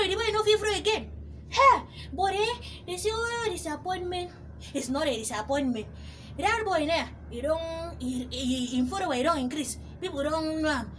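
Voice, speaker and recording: A woman with a very high, bright-toned voice and a Nigerian Pidgin English accent, riffing as a comedian. She talks in an animated way and laughs as she goes, with a faint hiss of noise behind her. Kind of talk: comic commentary.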